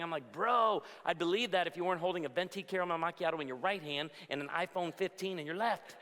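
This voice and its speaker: A man in his forties tells jokes from the pulpit of a large hall, his voice bright and forceful and fairly high for a man. A long reverb trails behind his punchlines as he calls on the room for amens. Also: animated, a little fast, few pauses. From outside Chicago. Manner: joking storyteller, punchlines, asks the crowd for amens. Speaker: pastor and speaker. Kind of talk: humorous conference talk. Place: large hall before a live audience.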